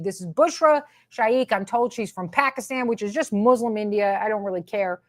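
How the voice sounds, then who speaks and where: A woman's voice: medium pitch, normal speed, few pauses. A woman hosting her own commentary show, ranting with sarcasm and emphatic repetition. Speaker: commentary host.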